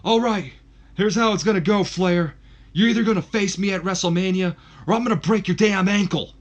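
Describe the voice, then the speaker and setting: A man's voice: sits high, brisk, voice pushed up, lightly acted. A man voicing a menacing male wrestler who barks threats. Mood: threatening. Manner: shouting, threatening.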